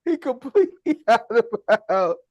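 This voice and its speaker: A man's voice: extremely high pitch, very animated, normal speed, dark tone, no echo, lo-fi sound. A man hosting a casual sports talk podcast, easygoing and slangy, laughing often and tagging sentences with "man". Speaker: podcast host. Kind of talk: casual chat.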